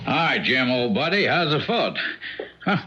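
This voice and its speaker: An actor playing a folksy, chummy hunting buddy in a 1970s radio drama. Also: male voice, mid-range voice, very animated, a little slow, very noisy. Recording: dull old radio broadcast.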